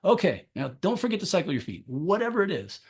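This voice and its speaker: A man with a slightly high, very lively voice tells coaching stories on a podcast. He slips into the voices of the people he quotes and laughs readily as he goes. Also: quick pace, breathy edge. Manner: animated storyteller acting out quoted dialogue; laughs often while talking. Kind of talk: casual podcast chat.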